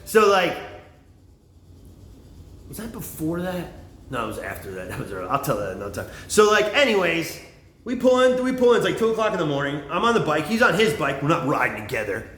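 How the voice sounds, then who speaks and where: Brisk and fairly bright, a middle-aged man's slightly high voice swings widely in pitch as he tells a rambling, profane story full of tangents. It was captured on a phone in an echoey room.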